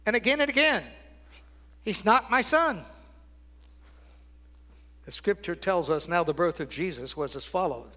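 An older man preaching a sermon with a high voice that rings out bright and forceful on the big lines. He then drops to hushed, near-whispered phrases for emphasis, with wide swings in loudness. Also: very animated, fairly quick, hardly any pauses.

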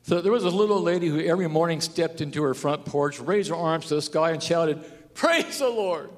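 A pastor preaching a sermon, telling stories and rising to loud, emphatic declarations. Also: male voice, on the high side, steady tone, brisk. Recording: long hall reverb.

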